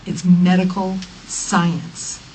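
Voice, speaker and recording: A woman's voice: lowish voice, level tone, drawn-out words, a little mellow. Blunt woman detective, dismissive. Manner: blunt, dismissive, avoids cursing. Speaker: police detective. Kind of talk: interrogation. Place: police interrogation room. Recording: distant mic in a noisy interrogation room.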